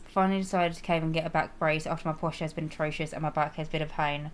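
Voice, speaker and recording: A woman's voice: sits low, steady tone, fast talker. Giggly, chatty woman streamer. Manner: chatty and giggly, often restarting and apologizing. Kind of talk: casual chat while playing a life-sim game.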